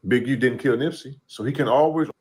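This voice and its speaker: Man, mid-pitched voice, relaxed, conversational, AAVE speech, podcast commentary. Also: a little fast. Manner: laid-back, conversational, says "you know what I'm saying".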